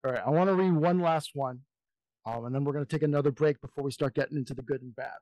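A man co-hosting a podcast, reading definitions aloud and tossing in amused asides. His voice sits a little high, and the sound is dry and close. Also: fast talker, a little mellow, dry recording, low-quality recording. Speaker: podcast co-host. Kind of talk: casual podcast discussion.

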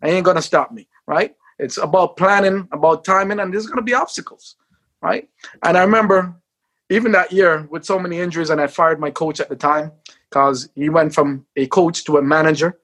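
A man who was once a sprinter shares his life story in an interview, his voice a little high and his pace brisk. He acts out quotes and raises his voice to a shout at the peaks.

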